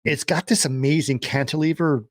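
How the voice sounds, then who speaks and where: A man's voice: a little high, fairly even intonation, moderate pace, no echo, studio quality. A man co-hosting a casual film podcast, animatedly retelling the plot and acting out the characters' lines. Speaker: podcast co-host. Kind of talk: casual film-discussion chat.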